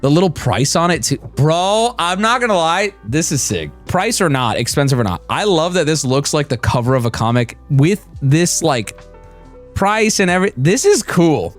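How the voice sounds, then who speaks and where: A male streamer opening card packs live and reading the cards aloud, excitable and profane. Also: on the high side, moderate pace, faint music behind.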